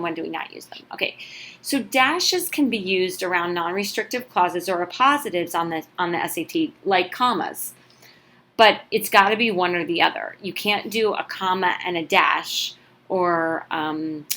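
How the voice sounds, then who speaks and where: A woman's voice: fairly low pitch, bright, forceful tone. A woman tutor giving a casual, chatty grammar lesson for test prep, informal and full of asides.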